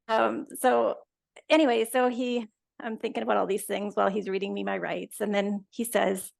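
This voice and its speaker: A woman tells a story as a guest, with a heavily gravelly, creaky voice. She chats in an animated way, acting out both sides of a conversation. Her pitch sits in the middle for a woman. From Canada. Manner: chatty, animated retelling with quoted dialogue. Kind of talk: casual storytelling.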